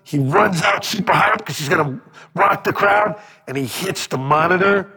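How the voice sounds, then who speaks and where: A man being interviewed as a record producer, telling animated stories, acting out quotes and swearing freely. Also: high-pitched, moderate pace, vocal fry, in a large hall. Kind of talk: storytelling interview.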